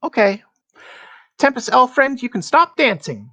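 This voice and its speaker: A woman voicing a cunning fey dragon who bargains slowly and teasingly. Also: sits high, very animated, pushed and bright, pitched above the performer's own voice, full character voice. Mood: sly. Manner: slow, teasing, sly dealmaker.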